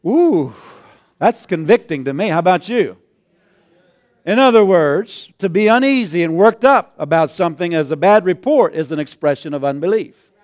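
Male pastor, high voice, chuckly sermon delivery, calls for amens. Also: animated, normal speed, darkish tone. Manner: chuckling, call-and-response.

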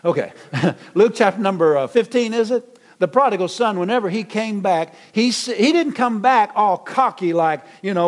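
A middle-aged man preaching a sermon as pastor, animated, with many repetitions and restarts. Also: sits high, moderate pace.

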